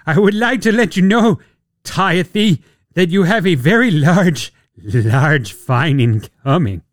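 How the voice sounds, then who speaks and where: A man doing a loud, mock-formal impression of a league commissioner announcing a fine. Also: on the high side, animated, takes it slowly, dry recording, studio quality. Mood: pompous. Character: impression of a stiff league commissioner issuing fines.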